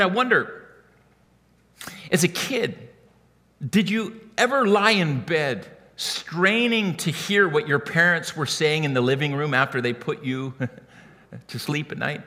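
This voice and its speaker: Animated preacher, hall reverb. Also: male voice, fairly high pitch. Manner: animated, repeats words when starting phrases. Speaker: pastor. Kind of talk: sermon.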